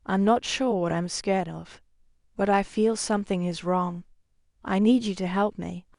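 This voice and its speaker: A woman playing a frightened young client, gravelly. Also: medium pitch, steady tone, measured pace, darkish tone, no room sound, clean studio sound. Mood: worried. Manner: anxious, pleading.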